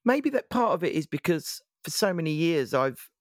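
A man's voice: on the high side, big pitch swings, moderate pace, dry recording, studio quality. A man hosting a casual chat, speaking hesitantly with lots of restarts as he gathers his thoughts.

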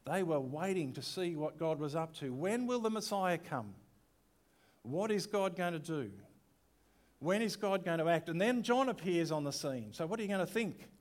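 Conversational pastor preaching. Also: male voice, a little high, animated, moderate pace. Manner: conversational preaching with rhetorical questions. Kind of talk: sermon.

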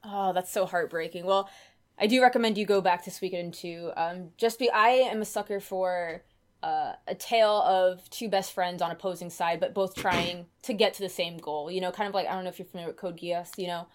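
A woman's voice: on the low side, fairly even intonation, brisk. A woman in casual chat about video games, chatty and rambling, with many fillers and restarts.

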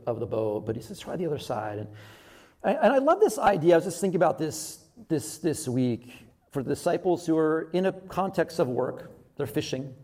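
A male pastor giving a sermon in a relaxed, conversational way, often acting out people's inner thoughts and repeating words as he goes. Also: fairly high pitch. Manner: conversational, animated, with many restarts and acted-out inner thoughts.

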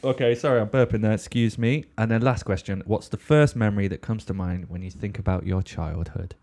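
A man hosting a casual chat, teasing his guest and joking in quick banter. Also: fairly low pitch, gravelly, a little mellow. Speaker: podcast host.

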